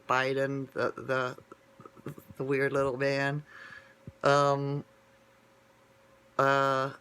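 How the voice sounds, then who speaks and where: A man's voice: mid-range voice, sharp tone, smooth. A man talking straight to his viewers in a casual, rambling monologue, digressing and often asking "right?". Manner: digressive, with many restarts and asides. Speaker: vlogger.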